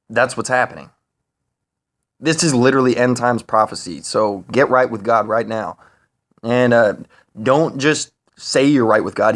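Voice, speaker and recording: Speaking straight to camera, this vlogger delivers a loose, swear-filled monologue that meanders, stumbles over fillers, and keeps starting over. Once he's worked up, he gets louder and his pitch rises.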